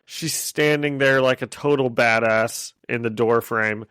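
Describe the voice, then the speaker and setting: A man co-hosting a podcast in casual chat, excitable and quick to laugh. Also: mid-range voice, clear, resonant tone, no room sound. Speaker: podcast co-host.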